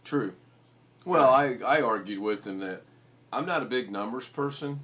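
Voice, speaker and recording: At a normal pace and with a fairly bright, animated voice, a middle-aged American live-stream host chats bluntly and informally. As he tells stories he imitates the people in them, putting on high voices.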